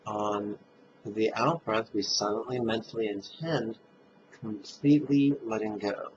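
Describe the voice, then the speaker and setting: Slow, calm male meditation teacher. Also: fairly low pitch. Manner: slow, calm, drawn-out recitation. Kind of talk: guided meditation. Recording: dull lo-fi sound with faint noise.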